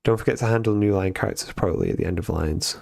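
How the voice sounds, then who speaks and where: A man on a live stream reading programming lessons aloud and thinking out loud as he codes, with frequent ums and restarts. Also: sits low, very fast, creaky, no echo, clean studio sound. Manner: thinks aloud with many fillers and self-corrections. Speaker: streamer learning to code.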